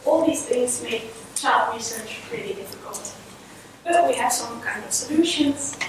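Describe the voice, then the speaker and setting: A woman's voice: fairly high pitch, a little slow. A woman researcher giving a conference presentation on child language, explaining steadily like a lecture. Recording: echoey hall, far from mic, noisy.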